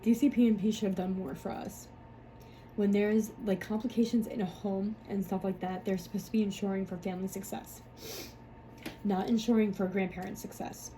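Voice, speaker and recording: Woman venting, mellow dark voice, rambling, frustrated, faint background noise. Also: medium pitch, level tone, normal speed, poor audio. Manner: rambling, frustrated, full of fillers and swearing. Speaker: mother speaking to camera. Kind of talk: emotional personal monologue.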